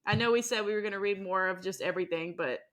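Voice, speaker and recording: A young woman co-hosting a casual book podcast, animated and laughing often as she acts out characters in quick quoted voices. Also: medium pitch. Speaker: podcast co-host. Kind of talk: casual chat about a book.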